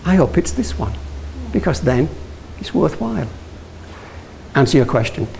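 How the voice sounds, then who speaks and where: In a gravelly, darkish, somewhat high voice with a sing-song lilt, this Yorkshire guest speaker talks at a moderate pace. He delivers a motivational talk of stories and audience questions, with many restarts and self-corrections, on a low-quality recording with slight hiss or hum.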